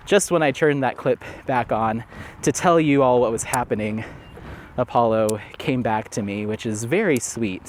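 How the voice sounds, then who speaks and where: A man's voice: medium pitch, a little hiss or hum. Man, vlogger, rambling casual chat on a walk outdoors, filler-heavy, handheld camera. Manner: chatty, rambling with many fillers. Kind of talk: casual walking vlog. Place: outdoors at a dog park.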